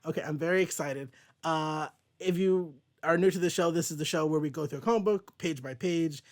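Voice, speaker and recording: A chatty, upbeat man hosts a casual comic book discussion, his voice sitting a bit higher than most men's. He keeps things moving with easy, friendly talk. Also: a little fast. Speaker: podcast host.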